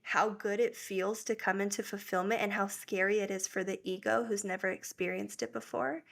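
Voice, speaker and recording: A woman's voice: medium pitch, fairly even intonation, moderate pace, vocal fry, fairly bright tone. A young adult woman, a breathwork facilitator, telling stories in an earnest, reflective way as an interview guest. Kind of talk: conversational interview.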